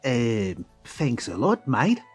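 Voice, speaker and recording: Bewildered Cockney-Australian stage psychic, slow, mid-pitched man, as read by a male narrator. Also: wildly swooping pitch, a little mellow, slightly rough, faint music behind, full character voice. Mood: baffled. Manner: bewildered, swearing in surprise.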